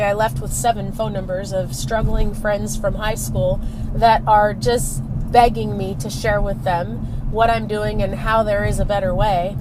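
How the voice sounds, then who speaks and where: Woman in her late forties, network marketer, chatty and emphatic storyteller, fairly high voice, clear traffic noise outside. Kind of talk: casual storytelling vlog. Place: in a parked car.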